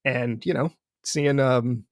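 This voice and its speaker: A man speaking as a podcast guest, enthusiastic and rambling, often restarting his sentences. His voice sits at a middle pitch, and the sound is dry and close with no room echo. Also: fairly even intonation, slow pace. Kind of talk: casual podcast chat.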